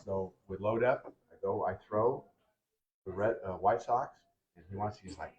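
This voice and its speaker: A man's voice: fairly low pitch, normal speed, a crowd in the background. Older man telling baseball stories. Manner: animated, acts out other people's lines in quotes. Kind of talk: casual storytelling. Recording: dull lo-fi sound.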